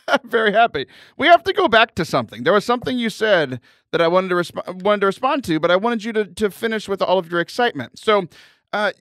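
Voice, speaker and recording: A man's voice: sits high, big pitch swings, fairly quick, fairly bright tone, no echo, clean studio sound. A man hosting a faith podcast in casual chat, teasing his guest and laughing often. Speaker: podcast host.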